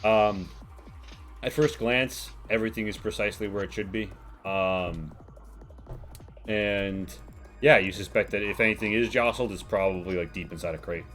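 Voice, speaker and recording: A man runs a tabletop game as game master and describes the scenes to the players. He rambles and fills gaps with ums. His voice sits low, with faint music behind. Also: steady tone, moderate pace, a bit bright. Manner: rambling, many fillers.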